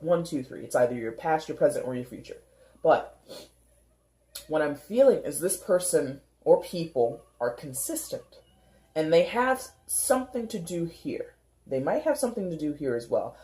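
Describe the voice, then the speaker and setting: A woman giving a casual, chatty tarot reading, animated and given to mimicking people in little put-on voices. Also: sits low, roomy sound. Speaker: tarot reader.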